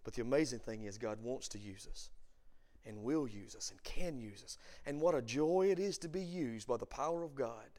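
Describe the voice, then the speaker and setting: A man, a pastor teaching a Bible study, who swings from shouted emphasis to quiet storytelling. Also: mid-range voice, moderate pace. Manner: preacher who shouts for emphasis, then tells stories softly.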